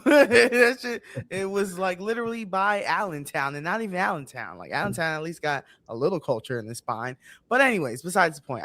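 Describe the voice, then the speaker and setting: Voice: medium pitch, fairly bright tone, no echo. A podcast panelist, talking bluntly and profanely, laughing between rants in a casual chat. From Brooklyn, New York.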